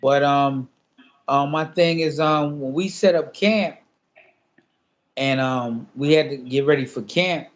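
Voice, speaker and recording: A man's voice: on the high side, takes it slowly. A man in his fifties, a former boxer, telling a story in a casual sit-down interview, acting out phone calls and talking loosely with lots of fillers. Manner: animated storyteller who acts out both sides of a phone call; loose, repetitive phrasing with many fillers.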